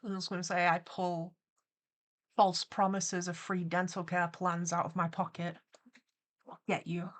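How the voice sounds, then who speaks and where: A woman's voice: lowish voice, flat delivery, normal speed. A young woman, chatting casually on a livestream as she animates, playfully spinning theatrical mock-villain tangents. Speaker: streamer and animator.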